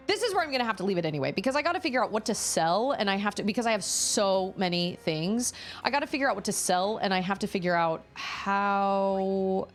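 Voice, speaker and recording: A woman's voice: mid-range voice, lively intonation, a little fast, soft background music. A woman streaming a game, chatting casually and musing aloud as she sorts through menus, repeating item names under her breath. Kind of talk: casual live-stream chat while playing.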